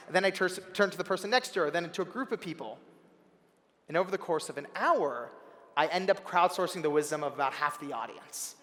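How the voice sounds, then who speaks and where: A young man in his twenties tells a story from a big stage in a fairly high voice, lively and full of acted-out moments. Now and then he breaks into a shout. His voice rings with the long reverb of a large hall. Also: brisk. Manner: animated, acts out the people in his story, bursts of shouting. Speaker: keynote speaker. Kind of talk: storytelling keynote speech. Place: large convention center hall.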